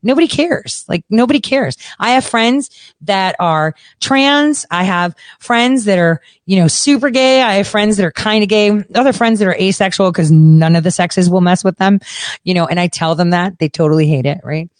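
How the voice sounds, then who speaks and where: A woman's voice: mid-range voice, normal speed, dry recording. A woman hosting a talk show, ranting bluntly and sarcastically, with plenty of swearing. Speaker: podcast host. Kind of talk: ranting monologue.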